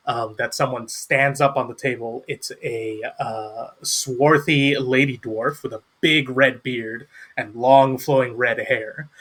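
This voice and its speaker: A man narrating a tabletop game as game master, his voice bright and forward with a husky grain. He talks casually, rambling and restarting as he sets the scene. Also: medium pitch.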